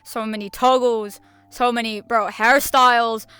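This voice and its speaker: A woman's voice: a little high, steady tone, unhurried, bright, forceful tone, clean tone, no echo. A young woman streamer chatting casually to her viewers, rambling with restarts, slang and laughter. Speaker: VTuber streamer.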